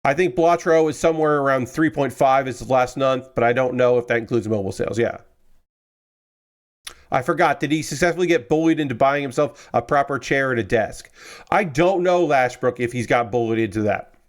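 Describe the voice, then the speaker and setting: A tired man chatting through a home live stream at a desk mic, his voice sitting at an ordinary middle pitch. He rambles loosely, restarting sentences and filling pauses with ums and uhs. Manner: rambling and relaxed, full of filler words and restarts. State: tired, yawning. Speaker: streamer hosting a model-building stream. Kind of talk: casual live-stream chat.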